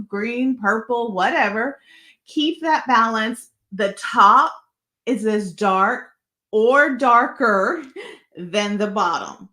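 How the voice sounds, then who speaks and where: A woman's voice: on the high side, sharp tone. A woman hosting a live makeup tutorial, chatty and encouraging as she talks straight to her viewers.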